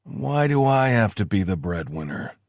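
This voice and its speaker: A male narrator reads a wry soldier joking with his lover, using a deep, low voice with a husky edge at normal speed. The banter is dry and deadpan, recorded close with no room sound or echo.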